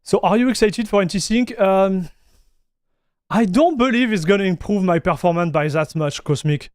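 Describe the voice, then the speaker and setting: High-voiced southern French man streaming. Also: normal speed, no echo, studio quality. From France. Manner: casual, addresses viewers as buddy and dude. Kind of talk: live stream chat.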